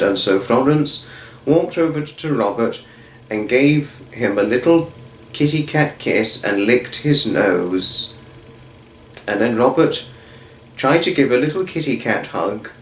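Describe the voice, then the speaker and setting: A man reads a children's story aloud, rambling along and correcting himself often. His voice is mid-range and a bit bright, and the recording has a roomy echo.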